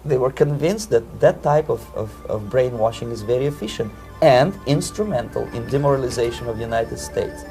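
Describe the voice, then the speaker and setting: A man's voice: mid-range voice, lively intonation, moderate pace, creaky, hardly any pauses, warm tone, soft background music. A middle-aged man, giving emphatic interview testimony and often repeating words as he searches for phrasing. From Soviet Union. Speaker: interview guest, former propaganda agent.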